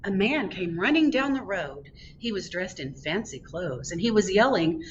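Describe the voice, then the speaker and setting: A woman reading a picture book aloud at a library storytime, with expressive storytelling. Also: medium pitch, normal speed, hardly any pauses, lo-fi sound, slight background noise. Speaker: storytime reader. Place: public library.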